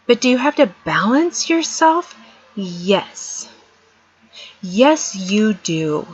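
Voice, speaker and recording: A woman's voice: mid-range voice, fairly bright tone. A middle-aged woman vlogger giving an earnest, emphatic motivational talk, repeating her points for stress. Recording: dull lo-fi sound.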